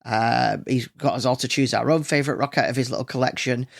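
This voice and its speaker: A man's voice: medium pitch, fairly even intonation, fast, vocal fry. A man hosting a solo podcast, chatting casually and rambling with plenty of fillers and restarts. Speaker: podcast host.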